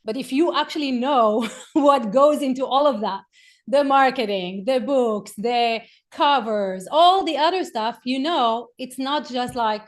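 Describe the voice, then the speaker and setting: A woman coaching on marketing in a lively, conversational way, telling stories and acting out quotes. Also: sits high, a little slow. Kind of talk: motivational business talk.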